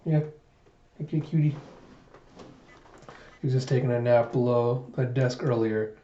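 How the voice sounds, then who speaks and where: A man retells a comic in an animated, casual way, quoting the characters with "he's like." His mellow, dark voice sits in a roomy space on a dull recording. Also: mid-range voice, a little slow. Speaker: manga reviewer.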